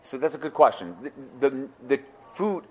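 Man teaching a lively Torah class. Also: mid-range voice, moderate pace. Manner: explains with rhetorical questions and repetition. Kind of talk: lively explanatory class talk.

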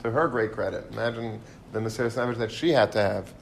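Animated male storytelling lecturer. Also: on the low side, fast, gravelly, slight background noise. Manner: animated, mixes in Hebrew and Yiddish terms.

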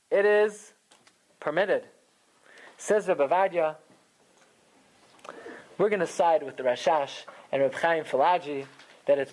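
Lively-voiced man teaching a Talmud class. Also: on the high side, rough recording. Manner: animated, conversational explaining with Hebrew and Yiddish terms. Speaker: Torah teacher.

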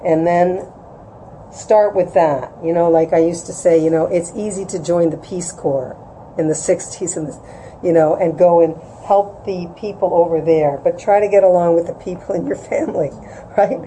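A woman's voice: steady tone, moderate pace, mellow, slight background noise, rough recording. Chatty woman teaching a class. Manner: conversational, asks "right?" often, acts out quotes with rising pitch. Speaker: Jewish women's class teacher. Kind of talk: informal religious lecture. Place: room with an audience.

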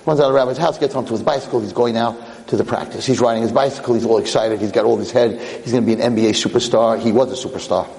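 A man preaching a story in an animated way, circling back over his phrases. He talks fast at a middling pitch, and a long reverb rings through the hall. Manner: animated, repetitive. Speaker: lecturer. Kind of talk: storytelling sermon.

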